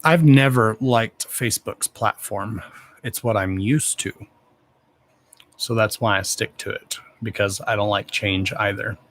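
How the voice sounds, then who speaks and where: A man with a fairly low, fairly bright voice speaks unhurriedly while hosting a casual livestream. Blunt and full of profanity, he still gushes over his viewers with real affection.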